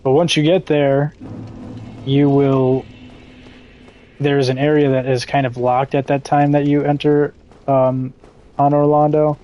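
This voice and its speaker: Young male streamer, laid-back and rambling, casual swearing, middle-pitched. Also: level tone, a little slow, long pauses, lo-fi sound. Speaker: gaming streamer. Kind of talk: casual live gameplay commentary.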